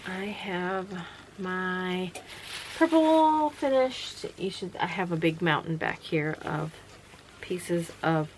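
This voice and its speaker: A woman's voice: on the low side, gravelly, a bit bright, a little hiss or hum, poor audio. A tired woman chatting casually and rambling at home late at night, with lots of fillers and restarts. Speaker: vlogger running a small sewing business. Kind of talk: casual chat. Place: home workroom.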